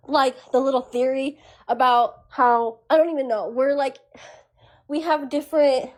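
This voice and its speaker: A woman with a high voice talks in an excitable, rambling way. She jumps from thought to thought like a quick social media vlog.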